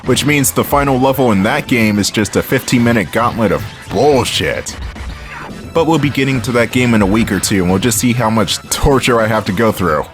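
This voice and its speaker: A man's voice: mid-range voice, brisk, hardly any pauses, soft background music. A man giving casual, sarcastic gameplay commentary, often laughing at his own jokes. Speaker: let's play commentator.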